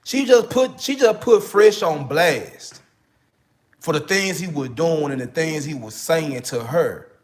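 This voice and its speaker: A man's voice: a little high, animated, a little slow. Memphis man with a cold, slangy commentary. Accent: Memphis, Tennessee. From Memphis, Tennessee. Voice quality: slangy, repeats "you know what I'm saying". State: getting over a cold. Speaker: online relationship coach. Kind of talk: casual video commentary.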